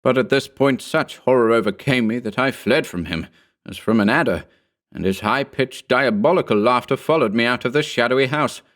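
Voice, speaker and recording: A man narrating a horror story slowly and broodingly. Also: medium pitch, fairly bright tone. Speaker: audiobook narrator.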